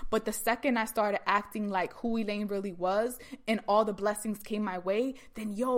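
An energetic woman speaking as a motivational speaker, her voice pitched a little high. She talks emphatically and addresses her listeners directly. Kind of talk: motivational talk.

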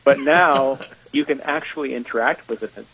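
Canadian guy on a panel, jokey and animated, bit husky, dull lo-fi sound. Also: medium pitch, moderate pace. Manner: joking, animated, laughs often. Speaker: panel guest. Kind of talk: casual panel discussion. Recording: dull lo-fi audio.

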